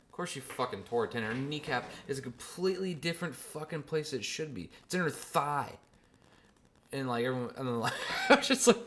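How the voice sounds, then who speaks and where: A young man hosting his own podcast, telling a story in crude, animated casual chat and mocking other people's voices. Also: mid-range voice, normal speed, long pauses. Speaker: podcast host.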